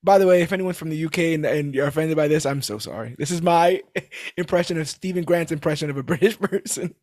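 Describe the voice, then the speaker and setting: A man's voice: a little high, fast, a little mellow, dry recording, studio quality. A man casually recapping a TV episode on a podcast, acting out the characters' lines and laughing as he goes. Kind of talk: casual chat.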